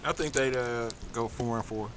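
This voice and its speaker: Bright-voiced man trash-talking sports. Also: medium pitch, normal speed, slight background noise, low-quality recording. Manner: loose, joking, trash-talking rival teams. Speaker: podcast co-host. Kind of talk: casual sports banter.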